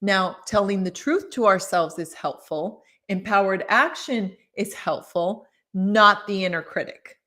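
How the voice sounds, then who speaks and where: Woman in her middle years, author reading live to a webcam, slow and gushing, chats with viewers. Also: medium pitch. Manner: warm, gushing, chats with viewers between passages. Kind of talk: live-streamed book reading with chat.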